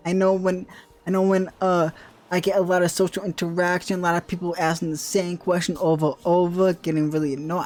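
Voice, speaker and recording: A man's voice: high-pitched, little pitch movement, fairly quick, darkish tone. Rambling, swearing young male streamer. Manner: rambling, joking, swears a lot. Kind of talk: casual gaming stream commentary.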